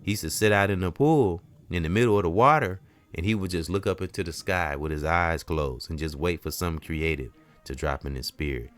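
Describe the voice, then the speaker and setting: Host, male, very low voice, rambling preachy spiritual monologue. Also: brisk. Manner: preachy, loose and repetitive, many "you know"s. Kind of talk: casual spiritual talk.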